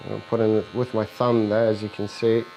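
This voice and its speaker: A man with a lowish, slightly mellow voice speaks a little fast and flatly as he cuts a fade in a barbershop, walking through each step and joking with his client. Clippers buzz faintly in the background, with slight extra noise, and the audio is poor.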